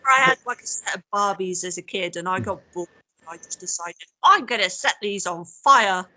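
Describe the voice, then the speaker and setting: A woman chatting casually on a video call, telling lively stories and swearing freely. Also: mid-range voice, normal speed, low-quality recording. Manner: animated storytelling, swears freely. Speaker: co-host.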